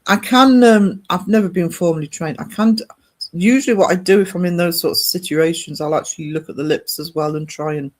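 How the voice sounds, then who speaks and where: A man's voice: sits high, fairly quick, slight background noise. A man from Northeast England with an English accent, chatting casually with viewers on a live art stream in a rambling way. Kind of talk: casual chat while streaming.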